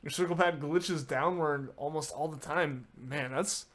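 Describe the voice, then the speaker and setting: Guy streaming a game, talking to chat, kinda high voice, says like a lot. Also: measured pace, fairly bright tone. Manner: chatty, reads out and answers viewer messages; filler-heavy, many "like"s and restarts. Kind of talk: casual live-stream chat.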